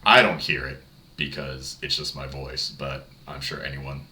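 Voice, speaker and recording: Very deep-voiced Southern man running a game. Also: fairly even intonation, a little slow, pushed and bright, slight background noise. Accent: light Southern US twang. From Tennessee. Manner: rambling, laughs often, many fillers. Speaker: game master. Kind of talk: narrating a tabletop game, casual chat.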